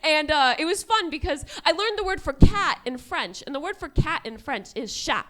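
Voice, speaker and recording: A woman in her twenties doing a stand-up comedy set on a club stage, deadpan delivery and laughing at her own jokes. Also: high-pitched, moderate pace. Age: 20s.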